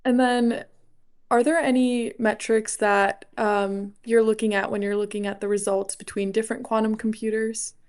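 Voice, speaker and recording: A woman's voice: a little high, little pitch movement, moderate pace, a little mellow, clear, resonant tone. Woman interviewer, brief upbeat prompts and follow-up questions.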